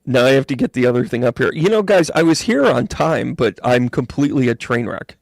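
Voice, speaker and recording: A man giving a live astrology and tarot reading in a chatty, rambling, jokey way with bursts of excitement. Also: medium pitch, fairly quick, vocal fry, hardly any pauses, no room sound. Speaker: psychic medium reading tarot.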